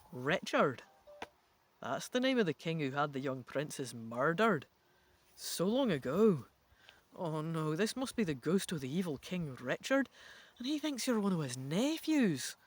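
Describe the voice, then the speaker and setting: A man reading an adventure gamebook aloud, stopping to muse out loud over each choice. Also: on the high side, sing-song, unhurried. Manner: musing, thinking out loud. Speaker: gamebook reader.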